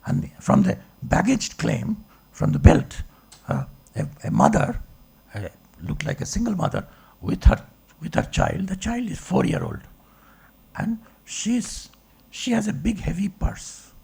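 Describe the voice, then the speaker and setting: A man's voice: high-pitched, huge pitch swings, a little slow, creaky, warm tone, slightly rough. A man, a philosophy professor, giving a discursive public lecture and checking in with the audience with rhetorical questions. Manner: discursive, asks rhetorical checks like okay and right.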